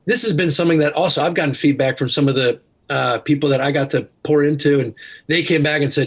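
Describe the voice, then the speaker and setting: Brief: man, author and podcast guest, husky tone, earnest and anecdotal, often restarting his sentences. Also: medium pitch, fast. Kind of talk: casual storytelling interview.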